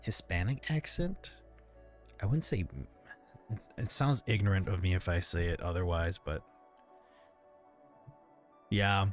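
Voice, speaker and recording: A man's voice: low-pitched, measured pace, pauses often, soft background music. A man hosting a livestream in casual chat, rambling and hesitant with frequent restarts. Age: adult parent. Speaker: livestream host.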